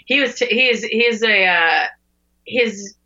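A woman's voice: a little high, measured pace, pushed and bright, highs cut off. A woman guest on a podcast, chatting playfully and chiming in. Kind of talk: casual chat.

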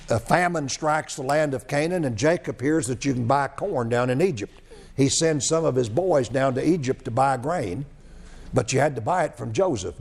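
A man's voice: medium pitch, gravelly, a little mellow, breathy edge. A man preaching a sermon, telling a story, repeating phrases and asking rhetorical questions.

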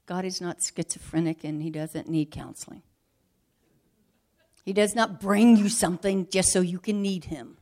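A woman preacher from the States, delivering a sermon that moves between hushed whispers and forceful, emphatic declarations. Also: fairly low pitch, moderate pace. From southern United States.

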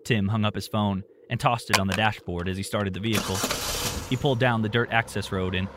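A man narrating a story in a steady, plain storytelling manner. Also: on the low side, a little fast, very noisy.

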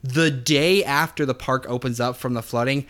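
A man's voice: mid-range voice, fairly even intonation, moderate pace, a bit bright. A man co-hosting a podcast, telling stories in casual chat and joking along. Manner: storytelling, jokey, does silly voices. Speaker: podcast co-host.

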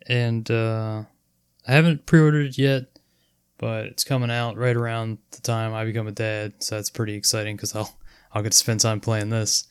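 A young man with a smooth, resonant voice makes relaxed, dry remarks in a casual game chat. His pitch sits in the middle, and the sound is dry and close. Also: normal speed, no room sound. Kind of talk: casual chat about video games.

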